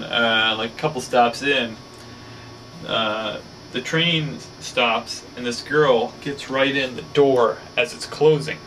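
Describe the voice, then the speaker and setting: A man's voice: medium pitch, pushed and bright, slight background noise. A man hosting his own show, telling a story casually, rambling with lots of fillers. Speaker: show host. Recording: slightly distant mic, faint ambience.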